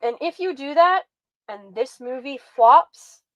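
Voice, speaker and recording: A woman's voice: high voice, expressive, takes it slowly, no echo, dull audio. A woman hosting a commentary show, reacting with sarcastic, exasperated rants. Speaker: commentary host.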